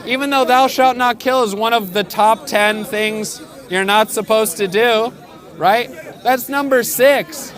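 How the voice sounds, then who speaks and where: Young male street comic, fairly high voice, quick teasing one-liners at passers-by, faint street noise behind. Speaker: stand-up comedian. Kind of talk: street stand-up crowd work. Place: outdoors on a city street. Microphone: amplified through a portable speaker.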